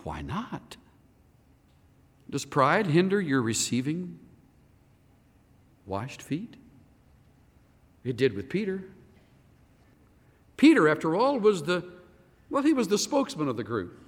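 Man preaching a sermon, lots of questions to the crowd, pitch jumping around, big echo. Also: unhurried, long pauses. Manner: animated preaching, rhetorical questions. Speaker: pastor.

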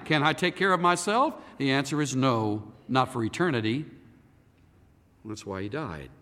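A man preaching a sermon as a pastor, animated and firing rhetorical questions at the congregation. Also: mid-range voice, moderate pace. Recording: reverberant hall.

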